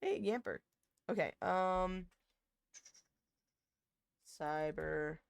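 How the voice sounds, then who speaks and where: A young woman streaming and chatting with her viewers, with a slightly low voice and an unhurried, drawn-out pace. She rambles and keeps cutting herself off mid-sentence. Her desk mic sounds close and dry. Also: vocal fry, clear, resonant tone, no room sound. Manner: rambling, self-interrupting, bursts of loud laughter. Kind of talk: casual chat with chat.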